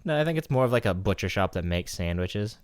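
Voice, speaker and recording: A man's voice: lowish voice, expressive, quick pace, no room sound. A man co-hosting a podcast, casually recapping a TV episode and swearing now and then. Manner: laid-back, swears casually. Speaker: podcast co-host.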